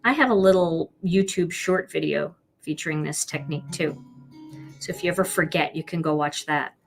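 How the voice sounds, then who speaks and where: Over soft music, a woman with a deep, creaky voice teaches card stamping live at normal speed. She keeps up a chatty, playful patter with viewers while demonstrating each step.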